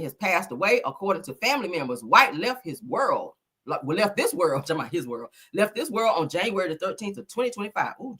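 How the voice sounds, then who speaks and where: A man hosting a gossip commentary show, talking with dramatic exclamations and animated reactions. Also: high-pitched, breathy edge.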